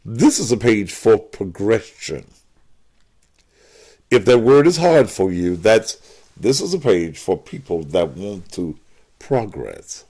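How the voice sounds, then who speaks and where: A man's voice: lowish voice, very animated, takes it slowly, mellow. A man hosting a call-in show as a pastor, combative and profane, lecturing callers.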